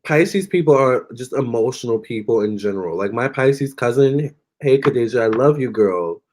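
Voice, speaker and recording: A man's voice: mid-range voice, lively intonation, normal speed, darkish tone. A young man hosting a live tarot stream, chatting casually and reading out viewers' comments with lots of fillers and restarts.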